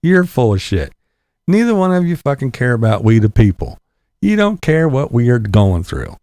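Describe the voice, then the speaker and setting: A man's voice: medium pitch, big pitch swings, normal speed, mellow, dry recording. A man delivering an angry, profane political rant with blunt sarcasm. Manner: angry, blunt, heavy swearing, sarcastic laughs. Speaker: political commentator vlogger.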